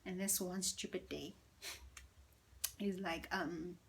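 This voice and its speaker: A woman tells a storytime vlog at home, in a hushed, half-whispered, gossipy way. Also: fairly low pitch, steady tone, slow pace, gravelly, slight background noise. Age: 30s. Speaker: vlogger. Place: indoors at home.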